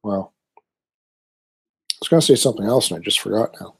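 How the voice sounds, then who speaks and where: A man in his thirties chatting casually on a podcast, telling an animated story and acting out his kids' lines. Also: on the low side, moderate pace, vocal fry, breathy edge, no echo. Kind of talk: casual chat.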